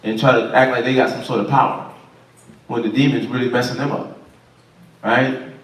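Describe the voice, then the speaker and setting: Relaxed male study leader, questions the class, roomy and off mic. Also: mid-range voice, normal speed. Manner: casual, questioning the group, informal speech. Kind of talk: Sabbath Bible study teaching. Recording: echoey room, far from mic.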